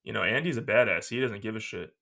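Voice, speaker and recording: A man hosting a podcast, retelling a movie scene by scene in a casual, animated way and laughing often. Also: on the low side, vocal fry. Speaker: podcast host.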